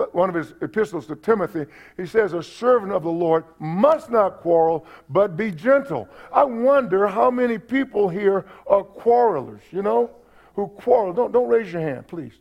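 A man's voice: high voice, gravelly. A man preaching a sermon as pastor, folksy and humorous, repeating his points and talking to the congregation. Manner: preaching with repetition and audience asides. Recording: dull lo-fi church recording.

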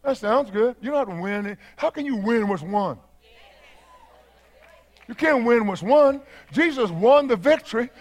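A man preaching in a very high voice, with a Southern US accent. He is a fervent pastor who keeps repeating his praise and rises to shouting in a sermon. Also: expressive, a little slow, long pauses.

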